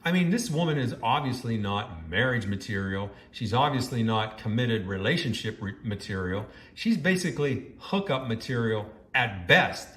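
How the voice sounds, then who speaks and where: A man's voice: medium pitch, animated, normal speed, hardly any pauses, a bit bright, echoey room. Man, story narrator, mid-range voice, reads a tale aloud, judgmental scolding asides. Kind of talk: reading a first-person story with opinionated asides.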